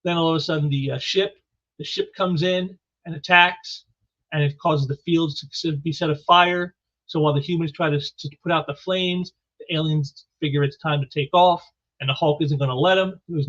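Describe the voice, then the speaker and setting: A man reviewing a comic book in casual commentary, halting and often repeating words, on a dull lo-fi recording. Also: fairly high pitch, steady tone, a bit bright.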